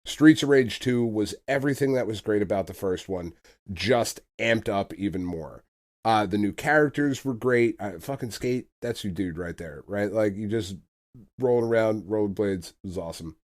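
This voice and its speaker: A man whose voice sits on the low side speaks at normal speed while co-hosting a podcast. The conversation is casual, full of profane banter and frequent laughter.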